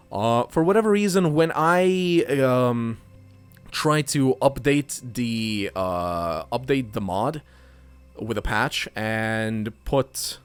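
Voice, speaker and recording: A man's voice: medium pitch, clean tone. A man giving casual let's play commentary, chatty and thinking aloud while he plays. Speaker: gaming youtuber.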